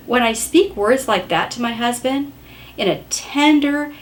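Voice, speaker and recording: A young woman giving an earnest, gentle devotional talk to wives in a conversational way. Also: fairly high pitch, lively intonation, measured pace, a little hiss or hum. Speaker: women's ministry speaker.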